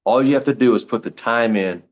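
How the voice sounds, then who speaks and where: A man's voice: mid-range voice, brisk, muffled recording. An older man giving a motivational talk on network marketing, repeating slogans in an emphatic, preachy way.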